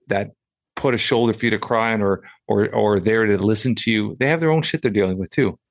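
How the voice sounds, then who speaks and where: A man hosting a casual podcast conversation, supportive and reflective, often answering with short affirmations. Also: lowish voice.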